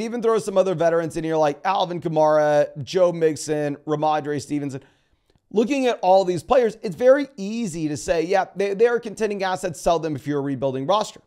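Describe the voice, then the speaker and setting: Guy breaking down fantasy football trades, slightly higher voice, chatty and quick, restarts a lot. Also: mellow, clear, resonant tone. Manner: fast, conversational, restarts sentences. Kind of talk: solo dynasty football analysis.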